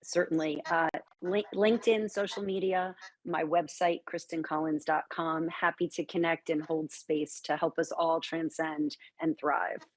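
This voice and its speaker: Brief: woman guest, middle-aged, low voice, gentle measured talk. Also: steady tone, no room sound, rough recording. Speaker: guest, author and speaker. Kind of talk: calm interview answers.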